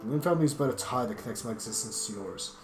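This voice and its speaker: A man's voice: medium pitch, lively intonation, racing, close to an everyday voice. A man voicing a devoted male tiger guardian spirit in a visual novel, speaking formally and tenderly. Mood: earnest. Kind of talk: reading a visual novel aloud. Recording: roomy echo with guitar music.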